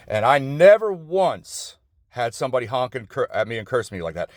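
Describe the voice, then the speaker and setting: A man's voice: medium pitch, very animated, normal speed, dry recording, studio quality. A middle-aged man, talking outdoors in a rambling, digressive, profane personal monologue full of restarts. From New Jersey. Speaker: vlogger. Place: outdoors outside an office building.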